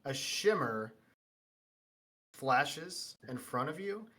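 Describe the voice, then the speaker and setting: Bright-voiced male game master. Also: on the high side, animated, drawn-out words. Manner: casual, with filler "um" and "uh". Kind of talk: narrating a tabletop game.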